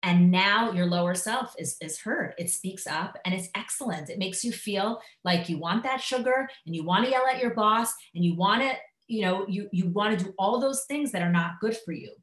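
A woman's voice: mid-range voice, normal speed, hardly any pauses. A woman teaching a live lecture in a conversational way, acting out inner voices as she speaks. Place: classroom. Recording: echoey room.

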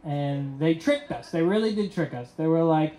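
High-voiced man doing stand-up. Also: lively intonation, moderate pace, warm tone, reverberant, poor audio. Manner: storytelling with acted-out dialogue. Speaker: stand-up comedian. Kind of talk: stand-up comedy set.

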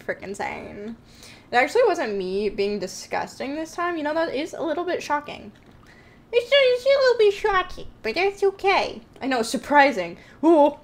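A woman streams a horror game as live commentary, her medium-pitched voice carrying a little hiss or hum. She's chatty and talks to her viewers in a nervously jokey, jittery way while admitting she's scared.

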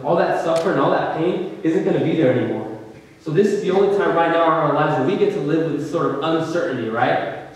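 A young man preaches to students in a loose, heartfelt way, leaning on fillers as he goes. His voice sits at a middling pitch. It is picked up from a distance in a big hall that rings with long reverb. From California. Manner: earnest, conversational, many fillers. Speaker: student speaker. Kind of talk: casual sermon to students. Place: large hall.

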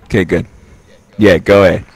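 A man's voice: low-pitched, fairly even intonation, normal speed, low-quality recording. A man talking on a headset in online game voice chat, blunt, exasperated and swearing a lot. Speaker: teammate in online match.

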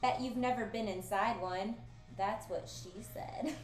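A woman's voice: mid-range voice, a little slow, reverberant, soft background music. A woman streamer casually commenting on a video game, reading the game text aloud, swearing and joking as she goes.

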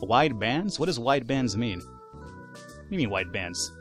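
A man giving casual, animated let's-play commentary, swearing, laughing and talking back to the game's characters. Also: mid-range voice, a little slow, faint music behind. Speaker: gaming YouTuber.

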